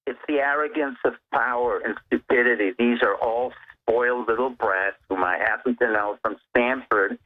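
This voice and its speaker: A man's voice: medium pitch, moderate pace. Man, phone-in guest, lecturing, lists his points, thin telephone sound. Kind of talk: emphatic political commentary. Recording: tinny phone line.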